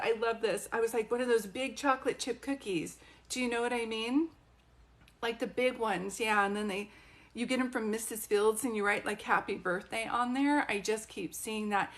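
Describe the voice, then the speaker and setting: A woman with a slightly high voice gives live psychic readings for viewers. She talks in a chatty, rambling flow and keeps stopping to ask them questions. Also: normal speed. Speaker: psychic medium. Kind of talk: live social media readings.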